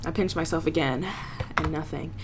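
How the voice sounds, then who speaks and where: A woman's voice: deep voice, fairly even intonation, moderate pace, background noise. A woman reading a visual novel aloud, voicing the heroine's thoughts and adding wry, self-mocking asides. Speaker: game streamer.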